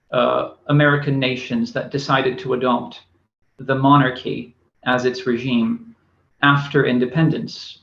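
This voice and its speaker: A man's voice: mid-range voice, fairly bright tone. A man giving a recorded university lecture, speaking with many fillers and restarts. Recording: echoey room, dull lo-fi sound.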